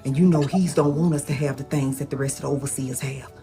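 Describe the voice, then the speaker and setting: A woman's voice: very deep voice, fairly even intonation, fast, mellow, soft background music. A woman playing a folksy drawling gossip. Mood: scolding. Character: gossipy Southern woman in a period skit. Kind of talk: comedic skit acting.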